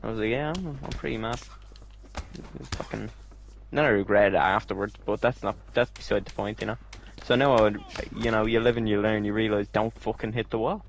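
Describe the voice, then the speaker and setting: A man's voice: fairly low pitch, flat delivery, fast, gravelly, slight background noise. A young man swearing and teasing a friend while they play a fighting game together. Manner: sweary, teasing, says mate constantly. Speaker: gamer. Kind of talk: casual gaming banter.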